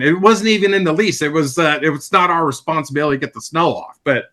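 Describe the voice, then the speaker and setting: A man's voice: fairly high pitch, quick pace, pushed and bright. A man on a comedy podcast, telling a long anecdote in casual chat, with restarts and repeated words. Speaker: podcast co-host.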